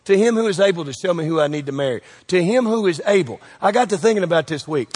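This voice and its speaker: Pastor, man, lively joking preacher who quizzes the crowd, higher-pitched voice, long hall echo. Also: husky. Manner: preachy and joking, quick shifts in loudness, call-and-response questions. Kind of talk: sermon.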